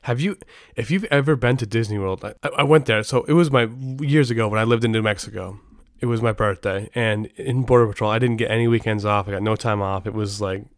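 A man's voice: on the low side, brisk, no room sound, clean studio sound. Brief: middle-aged male podcast host, casual and rambling, clean resonant voice. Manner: rambling, many restarts and asides.

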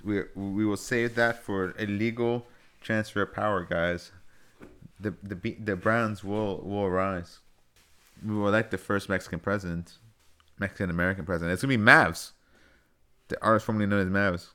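A man's voice: on the low side, steady tone, moderate pace, sharp tone, clear, resonant tone. Young male co-host, casual, jokey, reading news aloud. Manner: jokey, reads with asides. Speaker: podcast co-host.

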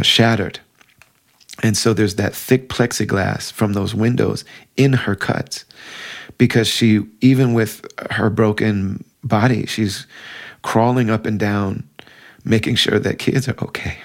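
Low gravelly man telling a story. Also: fairly even intonation, slow pace. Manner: heartfelt, conversational, many fillers. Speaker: podcast guest telling a story. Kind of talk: casual storytelling.

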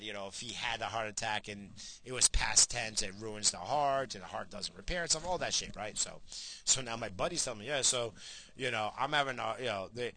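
A man's voice: mid-range voice, rough recording. An older man telling a story in a casual, profane, rambling way, acting out the people in it as he goes. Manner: profane, rambling, animated retelling with quoted voices.

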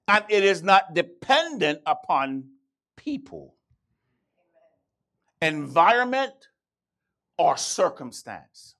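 Male pastor, sermon, slightly high voice, lively pitch, emphatic, repeats phrases, stammering restarts. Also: slow pace, vocal fry, long pauses.

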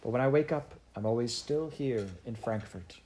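A woman's voice: rumbling low, normal speed, dark tone, a little hiss or hum. A woman reading aloud voices a homesick, frightened little girl who answers faintly and tearfully.

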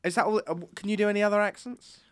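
A man co-hosting a podcast in casual chat, teasing the others with quick questions. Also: sits high, steady tone, smooth, no echo, studio quality. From England.

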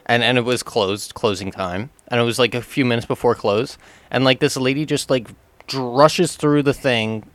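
A man tells a story from his fast food job in an easy, chatty way, quoting the customer as he goes. His voice sounds dry and close. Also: medium pitch, fairly even intonation, a bit bright, no echo. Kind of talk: casual chat.

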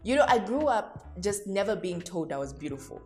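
A woman's voice: mid-range voice, very animated, moderate pace, darkish tone, faint music behind. A woman hosting a solo podcast, speaking candidly and reflectively to her listeners, addressing them directly and laughing at herself. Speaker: podcast host.

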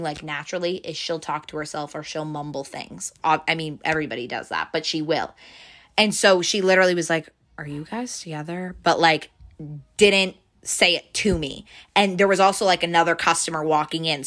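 Young woman, casual storyteller, lowish pitch with a sharp bright tone, acts out quotes, lots of "like". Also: fairly even intonation, fairly quick. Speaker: bank teller telling a story. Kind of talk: casual chat.

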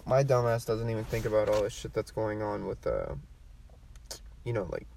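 A man's voice: fairly low pitch, normal speed, vocal fry, darkish tone. A young man casually telling a story to friends in a car, rambling and swearing, with lots of fillers. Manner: rambling, profane, many fillers. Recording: distant mic, faint background noise.

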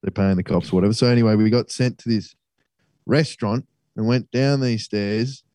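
A man's voice: lowish voice, fairly even intonation, moderate pace, mellow, no room sound. A young Australian man telling a travel story in casual, sweary chat. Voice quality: sweary, laid-back storytelling.

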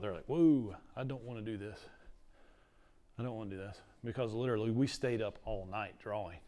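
Chatty man teaching a class. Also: fairly low pitch. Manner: chatty, storytelling, uses "like" a lot. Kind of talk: casual classroom lecture.

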